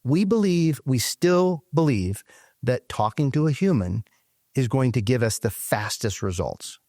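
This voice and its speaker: A man's voice: mid-range voice, a little slow, no echo, clean studio sound. A man being interviewed as a company leader, speaking conversationally and acting out callers as he tells stories. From United States. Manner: animated storyteller, acts out phone callers.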